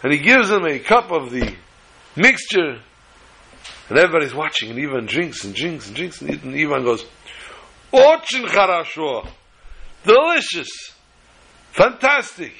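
A man telling a folk tale in an animated way, repeating words for rhythm. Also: a little high, moderate pace, creaky, slight background noise. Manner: animated, repetitive phrasing. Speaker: storyteller. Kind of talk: oral storytelling.

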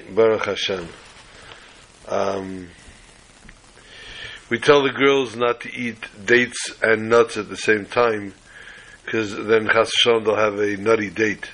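A bright-toned man, clear and forward in his voice, leads a class over a video call. He tells a story in an unhurried way and drops in corny jokes as he goes. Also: fairly low pitch, poor audio. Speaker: rabbi teaching a class.

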